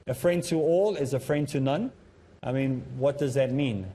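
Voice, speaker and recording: Mellow-voiced man teaching public speaking. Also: mid-range voice, a little hiss or hum. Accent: South African. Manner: steady, self-described as a bit monotonous. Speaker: Islamic teacher.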